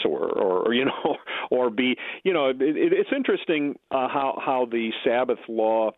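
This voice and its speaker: A man's voice: medium pitch, a little fast, dry recording. A man joining a radio talk show as a guest pastor, explaining with stumbles and repeated words. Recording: tinny phone line.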